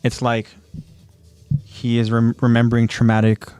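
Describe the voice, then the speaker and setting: Smooth-voiced man recapping on a podcast. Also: medium pitch, monotone, normal speed, darkish tone, no echo, faint music behind. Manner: retells scenes step by step, then talks loosely. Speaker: podcast co-host. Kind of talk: casual podcast chat recapping an anime episode.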